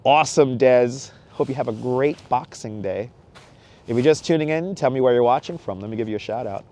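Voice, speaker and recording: A man's voice: mid-range voice, a little fast, darkish tone. Chatty New man streaming outdoors. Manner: chatty, laughs often, reads chat aloud. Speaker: livestream host. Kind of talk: casual live stream chat. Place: outdoors on a cold beach sand dune at night. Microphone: wireless clip-on mic.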